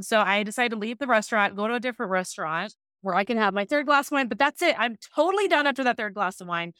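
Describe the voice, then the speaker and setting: Podcast guest: a woman with a higher, bright voice and a dry close sound. She tells her story openly and casually. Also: fast talker, hardly any pauses, clear, resonant tone, dry recording. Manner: open, casual, lots of "like" fillers. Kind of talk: candid personal storytelling.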